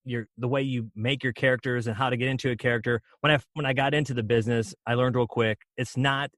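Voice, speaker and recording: A man's voice: mid-range voice, fairly even intonation, fast, fairly bright tone, dry recording, clean studio sound. A man hosting a podcast interview, enthusiastic and admiring toward his guest. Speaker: podcast host. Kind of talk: casual interview chat.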